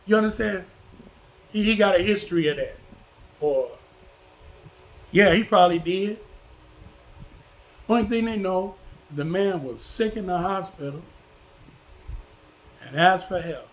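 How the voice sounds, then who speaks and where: A man's voice: high-pitched, animated, a little slow, long pauses, low-quality recording. Folksy, preachy older man. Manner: folksy, preachy, repeats himself for emphasis. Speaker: vlogger. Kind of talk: casual preachy monologue to viewers.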